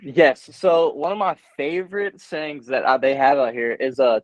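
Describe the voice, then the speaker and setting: An energetic young man chats as an interview guest, slangy and hyped up. His voice sits on the higher side. The audio comes through dull and dry, like a remote call. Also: normal speed, no echo. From United States. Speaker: guest, baseball prospect. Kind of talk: casual interview chat.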